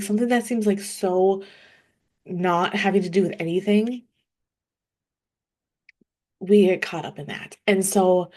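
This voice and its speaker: A woman's voice: medium pitch, darkish tone. A woman in her thirties speaks as a grief coach in an everyday mid-range voice. Her talk is casual and earnest, full of fillers and restarts, and she keeps encouraging the listener. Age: 30s.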